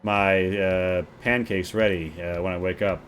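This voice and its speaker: Guy doing a grumpy lady pilot, short low tone, curt. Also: steady tone, unhurried, fairly bright tone, faint music behind. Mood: casual. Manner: curt, grumbling. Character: gruff blunt female shuttle pilot.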